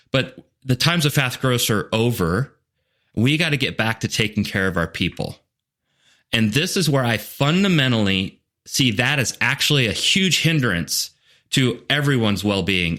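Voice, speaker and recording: A man with a medium-pitched, fairly bright voice talks earnestly as a guest on a conversational podcast interview, where he's a leadership coach. He tells stories loaded with "like" and "you know" and acts out quoted people in asides.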